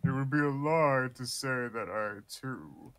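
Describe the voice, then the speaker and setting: A man voicing a menacing, weary king of cards from a game, in a slow, grand manner. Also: mid-range voice, fairly bright tone, smooth, natural voice. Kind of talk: fan voice-over of game dialogue.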